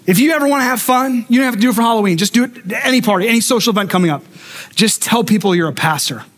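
A man's voice: high-pitched, animated, racing, fairly bright tone. A male pastor delivering a sermon, telling stories with humorous asides and acting out the voices of the people he quotes.

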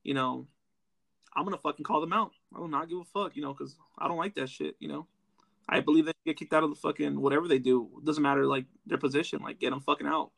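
A man's voice: on the high side, fairly even intonation, gravelly, fairly bright tone, no echo. A man ranting heatedly and profanely in casual podcast chat. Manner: heated, profane, fast rant.

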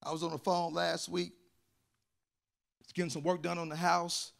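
A man pastor preaching with animated storytelling, repeating words in bursts and building to loud shouts. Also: a little high, moderate pace, vocal fry. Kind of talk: sermon.

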